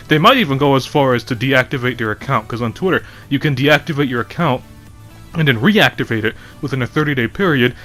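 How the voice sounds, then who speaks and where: A man's voice: medium pitch, fairly bright tone. A man ranting casually to his viewers, rambling, laughing often and swearing freely. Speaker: vlogger. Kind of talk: casual rant to camera.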